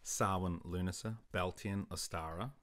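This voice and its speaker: A man's voice: sits low, fairly even intonation, moderate pace, a bit bright. A man in his thirties, a guest on a home podcast, chatting in a playful, jokey way. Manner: playful, jokey, theatrical asides. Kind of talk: casual chat.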